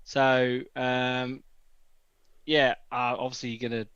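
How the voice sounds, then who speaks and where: A man playing a tabletop role-playing game, quickly rambling through what his character does. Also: mid-range voice, little pitch movement, a bit bright, clear, resonant tone, no room sound, muffled recording. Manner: quick, rambling, explains his moves at length. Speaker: player. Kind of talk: tabletop role-play chat.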